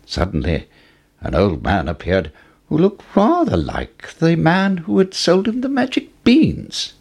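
A man narrating a children's fairy tale in an expressive, deliberate storytelling manner. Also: fairly high pitch, creaky, breathy edge.

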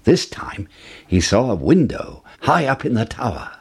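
A man reading a children's fairy tale aloud as narrator, with slow, expressive delivery. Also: mid-range voice, creaky, breathy edge. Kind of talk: storybook narration.

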